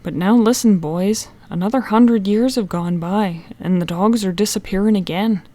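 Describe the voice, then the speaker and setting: A woman reading an audiobook, voicing a stern superstitious countrywoman who tells a witch legend in a low, intense way. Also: normal speed, mellow, no room sound, natural voice. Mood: ominous.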